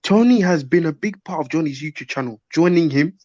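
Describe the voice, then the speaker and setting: A man's voice: fairly high pitch, lively intonation, fairly quick, darkish tone, no room sound, dull audio. A man in a casual football fan debate, speaking insistently and repeating himself to press his point.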